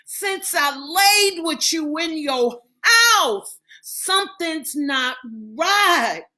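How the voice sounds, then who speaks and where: A woman's voice: on the high side, animated, takes it slowly, fairly bright tone. A woman reading a romance audiobook, voicing a grown man lover who pleads and prays with heavy emotion. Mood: distraught. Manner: emotional, pleading, breaking into cries.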